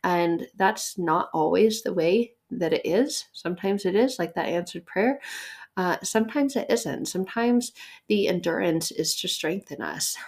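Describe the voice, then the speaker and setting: A woman's voice: on the low side, a little slow, a little mellow. A woman hosting a faith podcast, giving an earnest, conversational devotional talk with light laughs and repeated phrases for emphasis.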